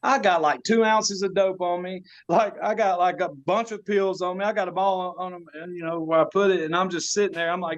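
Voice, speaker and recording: A man with a drawl tells a story as a podcast guest. His voice sits a bit high, and he drops into slang and chuckles often. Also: a little fast. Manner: animated, laughing storyteller with Southern US slang. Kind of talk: casual storytelling.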